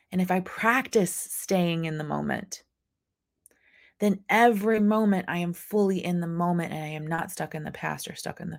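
A woman in her thirties with a fairly low, gravelly voice hosts a motivational live stream, recorded on a camera mic. She talks earnestly and acts out her own inner voices.

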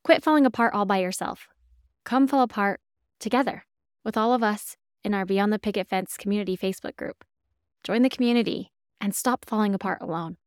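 A woman podcast host speaking reflective, heartfelt commentary straight to her listeners, gently urging them on. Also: medium pitch, dry recording, studio quality.

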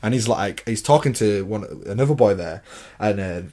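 A man's voice: lowish voice, lively intonation, normal speed, warm tone. A young man, co-hosting a podcast and telling rambling, slangy stories full of restarts. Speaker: podcast co-host. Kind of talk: casual chat.

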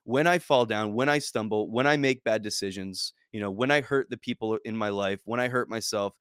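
A man's voice: on the low side, fairly quick, fairly bright tone, clean tone, no echo, clean studio sound. A man co-hosting a casual faith podcast chat, talking earnestly and emphatically and often repeating words as he starts a thought.

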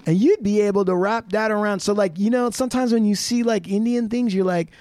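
Man, slightly high voice, rambling casual chat, swears a lot, dry close mic. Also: steady tone, fairly quick, a little mellow, dry recording. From Pacific Northwest US. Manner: rambling, profane, full of "like". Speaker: podcast guest.

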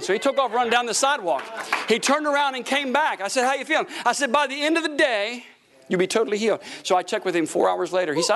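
High-voiced pastor preaching. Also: male voice, animated, fast talker. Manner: preaches with swings from hushed to shouting; tells a story with quoted dialogue. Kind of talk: sermon. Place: church sanctuary before a congregation.

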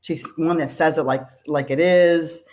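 A woman's voice: low-pitched, fairly even intonation, measured pace, darkish tone. A middle-aged woman, an actress guest, chatting casually and rambling with frequent laughs and restarts. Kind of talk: casual interview chat.

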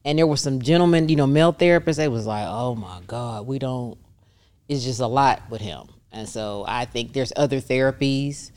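A woman's voice: rumbling low, a little fast, hardly any pauses, a little mellow. A middle-aged woman, a massage therapist, talks casually in an interview and animatedly acts out the voices of the people she quotes.

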